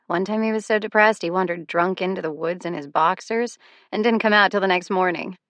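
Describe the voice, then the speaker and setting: A woman reading a first-person novel aloud as an audiobook narrator, in a wry, measured storytelling manner. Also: fairly low pitch, a bit bright, no room sound.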